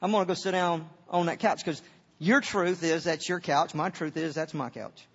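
A man preaching a sermon as a pastor, halting often and repeating words as he goes, in a church sanctuary. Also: fairly high pitch, a bit bright, husky. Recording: dull sound with long hall reverb.

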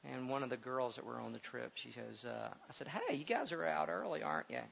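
Gravelly middle-aged male preacher, lo-fi. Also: mid-range voice, animated. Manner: halting, repeats words, grows loud and emphatic when preaching. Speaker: pastor. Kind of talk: sermon with personal story. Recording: dull lo-fi recording with faint hiss.

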